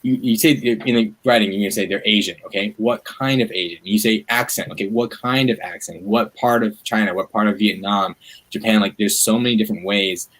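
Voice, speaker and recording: A man speaking as a guest on a livestream, talking in an animated, rambling way with many fillers and restarts, heard over a video call. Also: on the low side, a little fast, low-quality recording. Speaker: guest, media activist. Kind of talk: livestream conversation.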